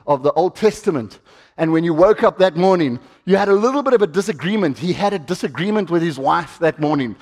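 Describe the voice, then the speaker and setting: A man preaching a sermon, talking with the congregation, asking them questions and acting out what people say. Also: high-pitched. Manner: conversational, asks the congregation questions, acts out quotes. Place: church hall. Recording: reverberant church hall.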